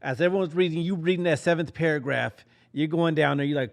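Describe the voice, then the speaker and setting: Podcast host guy, kinda high and gravelly, animated storytelling, laughs a lot. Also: fast talker, few pauses. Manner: animated, laughs often, acts out quotes. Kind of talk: comedic storytelling.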